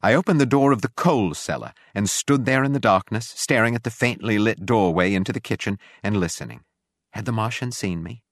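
Grave low-voiced male narrator. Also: brisk, no echo, studio quality. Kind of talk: audiobook narration.

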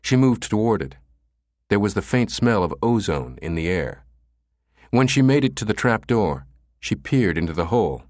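A man reading an audiobook as narrator in a steady, dramatic storytelling way. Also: on the low side, normal speed, no room sound, clean studio sound. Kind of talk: scripted narration.

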